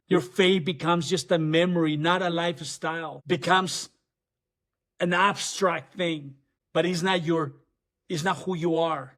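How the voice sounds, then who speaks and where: A high-pitched man delivers an urgent faith-based talk to men. He drives his points home with repetition, often stumbles and restarts mid-phrase, and speaks with an earnest, exhorting push. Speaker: men's ministry speaker.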